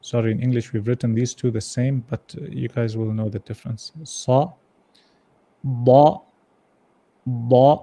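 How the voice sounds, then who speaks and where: A man's voice: mid-range voice, flat delivery, a little fast, few pauses, mellow, dry recording. A man teaching an online Arabic reading class, patiently sounding out each syllable and repeating it for his students.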